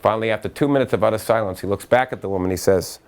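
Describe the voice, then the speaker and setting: A man giving a motivational talk to school staff, telling anecdotes in a lively way and acting out the quotes. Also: fairly low pitch, very fast. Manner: animated anecdotal storytelling, acts out quotes. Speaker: speaker at a staff training.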